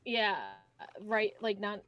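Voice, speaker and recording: A woman narrating as game master in a casual tabletop session, halting and relaxed with many fillers. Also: mid-range voice, highs cut off, crowd noise.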